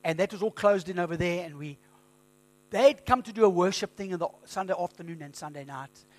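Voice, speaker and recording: Male pastor, fairly high voice, casual storytelling sermon. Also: fairly quick. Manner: conversational storytelling, animated quoting.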